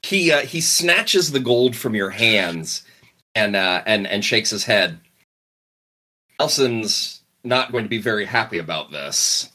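A man's voice: lowish voice, expressive, slow pace, pushed and bright. A man running a tabletop role-playing game as game master, narrating playfully, laughing and often repeating words.

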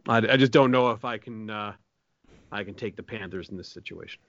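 A man's voice: on the low side, a little fast, a bit bright, dry recording, lo-fi sound. A man co-hosting a casual sports betting podcast, musing aloud with lots of hesitations and fillers. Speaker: podcast co-host.

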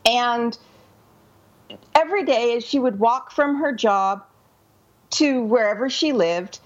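A woman's voice: a little high, slow pace, muffled recording. A woman co-hosting a casual talk show, telling a story in a chatty way. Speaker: podcast co-host. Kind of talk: casual chat.

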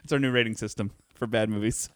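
A man's voice: fairly low pitch, fairly even intonation, quick pace, smooth, dry recording. A man co-hosting a casual movie-talk podcast, rambling and wry, with frequent restarts. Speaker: podcast co-host. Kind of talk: casual chat.

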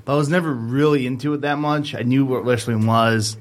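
A man's voice: medium pitch, fairly even intonation, fairly quick. A man in his thirties, a podcast co-host, telling a long rambling story in casual chat, full of fillers.

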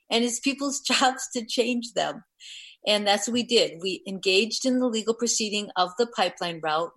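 A woman farmer and author, speaking earnestly and with passion as a guest on a radio talk show. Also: mid-range voice. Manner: earnest, impassioned. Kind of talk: radio interview.

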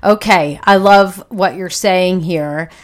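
A woman's voice: lowish voice, slow pace. A woman hosting a parenting podcast, asking questions in a chatty, enthusiastic way with self-deprecating asides. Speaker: podcast host. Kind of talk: podcast interview.

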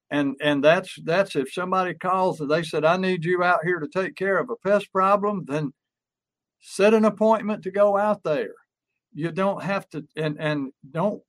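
Folksy older man with a twang. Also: high voice. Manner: folksy storytelling with fillers and restarts. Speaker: podcast co-host, pest control sales coach. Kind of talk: casual podcast talk.

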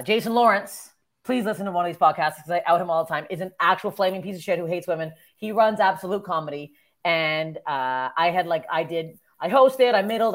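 A young woman comedian from Canada, telling stories bluntly and with plenty of swearing in casual podcast chat. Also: on the low side. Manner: blunt, profane storytelling. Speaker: stand-up comedian, podcast guest.

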